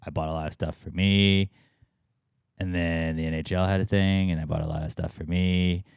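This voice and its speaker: A man's voice: deep voice, little pitch movement, normal speed, gravelly, clear, resonant tone, no room sound, clean studio sound. A man in his thirties co-hosting a podcast, talking in a casual, profane, sarcastic ranting way. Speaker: podcast co-host. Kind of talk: casual chat.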